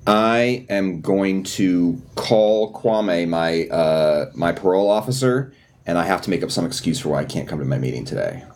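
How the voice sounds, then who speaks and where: A man with a fairly low voice plays his character in a tabletop role-playing game. He talks in halting, earnest bursts, often starting over and hunting for words. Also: animated, darkish tone, a little hiss or hum. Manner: halting, lots of fillers and restarts, earnest. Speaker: player.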